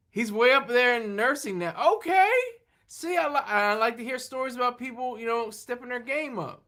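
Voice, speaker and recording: Very high-pitched and sharp-toned, a man speaking at normal speed hosts a livestream. He rambles through casual chat with viewers, laughing a lot and making fun of himself as he answers them.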